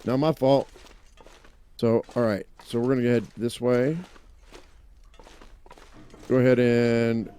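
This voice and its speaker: A man's voice: mid-range voice, flat delivery, slow pace, pauses often, warm tone. A man casually commenting on his own survival gameplay, chatting to himself and his viewers with jokey exclamations. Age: adult, owns a dog. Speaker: let's play gamer.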